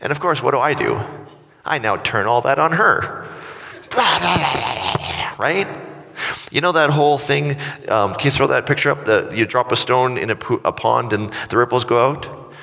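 A man's voice: mid-range voice, lively intonation, normal speed, creaky, sharp tone. A middle-aged man preaching a sermon, telling self-mocking stories in a casual, joking way. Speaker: pastor. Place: church hall. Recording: church hall with long reverb.

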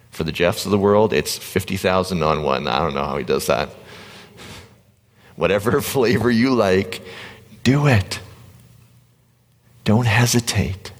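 A man with a low, deep voice delivers a motivational talk to a live audience. He is animated, acts out the voices in people's heads, and sometimes drops to a whisper. His voice carries a long reverb from a large gym hall. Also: a little slow, pauses often. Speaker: motivational speaker.

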